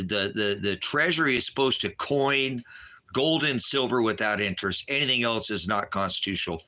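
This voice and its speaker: A man's voice: lowish voice, sharp tone. A middle-aged man ranting angrily about politics, profane, combative and sarcastic. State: irritated, worked up. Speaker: ministry livestream host. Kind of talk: angry political rant.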